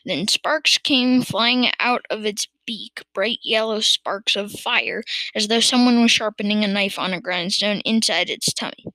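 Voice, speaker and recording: A woman's voice: medium pitch, measured pace, few pauses, bright, forceful tone, no echo, poor audio. A woman reading a children's book aloud expressively, with occasional slips and restarts. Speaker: reader.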